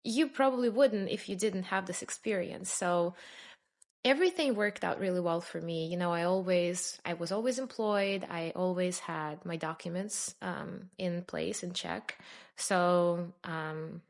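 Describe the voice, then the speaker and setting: A woman's voice: on the low side, a little slow. A young woman from Russia, a native Russian speaker, answering interview questions in a casual, chatty way with plenty of fillers. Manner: chatty, many fillers, laughs between answers. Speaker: podcast guest.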